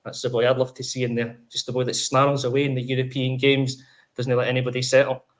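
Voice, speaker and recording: Flat-voiced football pundit man. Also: medium pitch. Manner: chatty, opinionated, fast-flowing. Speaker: podcast co-host. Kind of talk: casual football chat.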